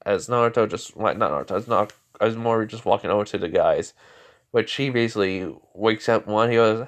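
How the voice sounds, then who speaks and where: A man with a fairly low voice retells a fan-made story off the cuff. He rambles, fills gaps with fillers and keeps correcting himself as he goes. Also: fairly quick. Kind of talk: casual fan-fiction retelling.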